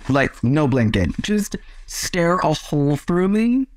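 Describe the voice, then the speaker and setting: A man, an actor, chatting as an interview guest and telling set stories with lively acted-out quotes. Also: on the high side, slow pace, no room sound. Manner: lively storyteller, acts out quotes. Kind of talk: casual interview chat.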